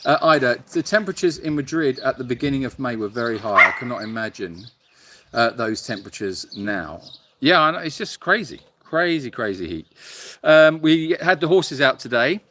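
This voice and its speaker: A tired, hot man hosting a casual live stream from an animal sanctuary on his phone, rambling and halting with many fillers while answering viewers. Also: medium pitch, lively intonation, noisy background. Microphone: phone held for a live stream.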